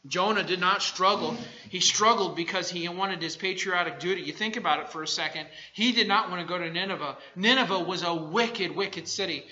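Animated high-voiced preacher man, lo-fi. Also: brisk. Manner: animated, shifts between quiet asides and loud shouted bursts. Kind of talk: sermon. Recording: dull lo-fi recording.

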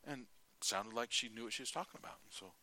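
Speaking fast with a medium-pitched, bright, forceful voice, a middle-aged preacher gives a sermon full of folksy stories. He acts out the quotes and frequently clears his throat.

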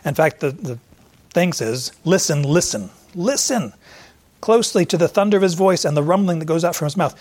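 A middle-aged man preaching a sermon, lively and acting out the voices he quotes. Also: a little high, moderate pace. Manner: animated, acts out voices in quotes. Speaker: pastor.

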